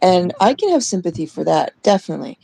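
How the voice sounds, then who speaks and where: Woman, from Canada, podcast co-host, casual storytelling, animated quoting, swears, low mellow tone, some vocal fry. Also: fast talker, slight background noise, poor audio. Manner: animated, acts out quoted voices, swears freely.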